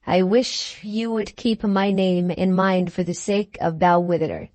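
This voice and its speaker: A woman's voice: lowish voice, steady tone, unhurried, darkish tone, dry recording, close to an everyday voice. A woman reading an audiobook speaks the lines of a shy but proud young country lad in an earnest, formal manner. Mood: courteous, eager.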